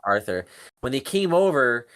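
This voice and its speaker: A man's voice: mid-range voice, very animated, moderate pace, fairly bright tone. A man co-hosting a podcast, chatting casually about a film and rambling through his retelling with laughs. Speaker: podcast co-host. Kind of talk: casual movie review chat.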